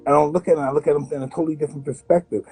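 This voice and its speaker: A man in his fifties from the United States, a guest in an interview, telling blunt, animated stories and acting out other people's voices. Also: a little high, very fast, creaky, breathy edge, soft background music, poor audio. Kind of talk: candid interview storytelling.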